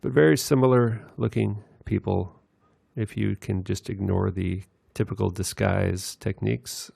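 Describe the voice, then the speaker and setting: A man giving rambling commentary over video clips, meandering with many filler pauses. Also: on the low side, steady tone, creaky, a little mellow, husky, no room sound, clean studio sound.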